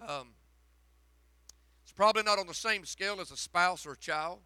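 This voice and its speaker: Male pastor, high bright tenor, dramatic dynamics, dry close sound. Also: normal speed, clear, resonant tone, no echo. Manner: swings from hushed to shouting, dramatic preaching. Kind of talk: sermon.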